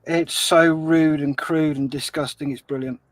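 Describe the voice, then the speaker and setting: A man's voice: fairly high pitch, fairly even intonation, unhurried, no room sound. A man co-hosting a casual livestream, cheerfully reading out chat comments and chatting with his guest. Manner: cheerful, reads chat comments aloud with laughs. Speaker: co-host reading live chat.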